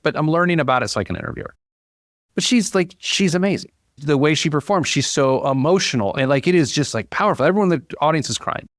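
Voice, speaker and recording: A man, a company founder, chatting as a podcast guest in an animated, upbeat storytelling way. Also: mid-range voice, no echo, studio quality. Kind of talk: casual interview conversation.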